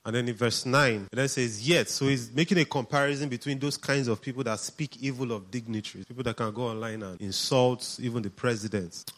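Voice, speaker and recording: A man's voice: mid-range voice, brisk, few pauses, a bit bright. A man preaching a sermon in a conversational way, often asking the congregation questions.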